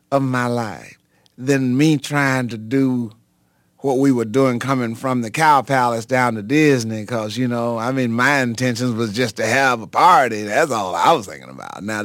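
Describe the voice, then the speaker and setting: A middle-aged man, a pastor, telling his life story in an interview in a dramatic, halting way, with many ums and sudden leaps in pitch. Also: fairly bright tone, no echo, studio quality. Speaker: pastor and singer, interview guest.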